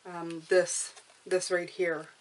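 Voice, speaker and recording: Woman tarot reader, earnest and coaxing, voice a little low, repeats check-ins. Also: level tone, slow pace, slight background noise. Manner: earnest, repeats "okay?" and "you guys"; emotional, coaxing. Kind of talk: spiritual tarot reading to camera.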